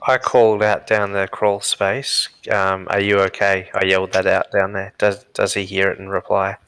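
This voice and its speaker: A man's voice: low voice, little pitch movement, normal speed, fairly bright tone, smooth, dry recording, rough recording. A man playing a tabletop game on a voice call, hesitant and full of ums as he asks the game master questions. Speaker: player. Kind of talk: casual tabletop game play. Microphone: online voice call.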